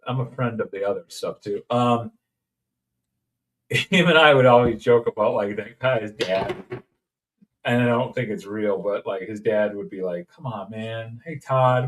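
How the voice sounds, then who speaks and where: Picked up by a distant mic with slight background noise, this Indiana man's voice sits on the low side. A toy-collecting streamer, he rambles and jokes through a casual unboxing chat, breaking into snippets of song.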